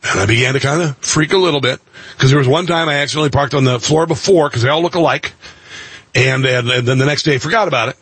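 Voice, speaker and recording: Very husky excitable male host. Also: mid-range voice, fast talker, no echo. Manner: excitable, voice jumps up to loud outbursts. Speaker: radio and TV host. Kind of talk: storytelling monologue.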